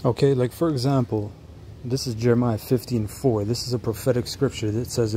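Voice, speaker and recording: A man with a dark, mellow voice gives commentary on a clip and reads Bible verses at a slow, deliberate pace. He stumbles and restarts as he explains. A faint hiss of noise sits under his voice. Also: mid-range voice, fairly even intonation, poor audio. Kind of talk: reaction commentary with scripture reading.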